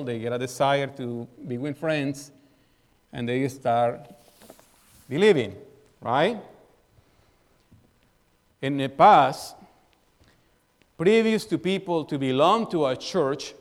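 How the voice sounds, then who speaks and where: Man preaching in a reverberant hall. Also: mid-range voice. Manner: asks the congregation questions and tags lines with "right?"; tells a personal story as an illustration. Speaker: pastor. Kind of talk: sermon.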